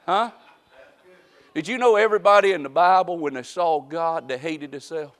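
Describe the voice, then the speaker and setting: A high-pitched male preacher delivers a dramatic sermon. He jumps from loud, mocking exclamations to hushed, drawn-out lines. His voice rings with the long reverb of a church hall. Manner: dramatic, swings from shouting to hushed, mocking asides.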